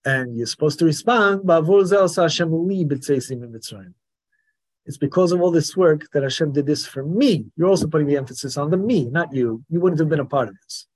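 A man teaching a Torah class in a lively lecturing manner, acting out the voices of the people he describes. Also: a little high, a little fast, breathy edge. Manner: animated, acts out the questioner's voice.

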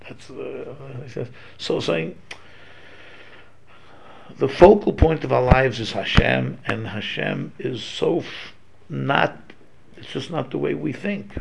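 A man's voice: medium pitch, very animated, measured pace, vocal fry, long pauses, rough recording. A man giving an informal religious lesson, talking it through conversationally and acting out quoted speech as he explains. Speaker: Torah class teacher.

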